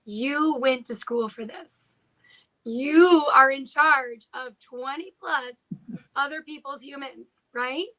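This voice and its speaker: Woman, 30s, encouraging teacher, high pitch, bright tone. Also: slow pace, rough recording. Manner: upbeat, encouraging. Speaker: teacher and technology integration specialist. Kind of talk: casual panel chat.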